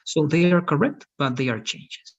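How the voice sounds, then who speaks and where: This pronunciation teacher, a man on a video call, explains English sounds patiently and keeps asking questions to confirm understanding. His husky voice is on the high side at a normal speed, and the audio sounds dull.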